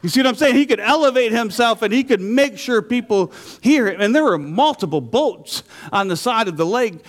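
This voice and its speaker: A man telling his personal faith testimony with animated storytelling, acting out his own reactions and going low and quiet for serious moments. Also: a little fast. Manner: asks listeners "you see what I'm saying?". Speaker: speaker sharing a faith testimony.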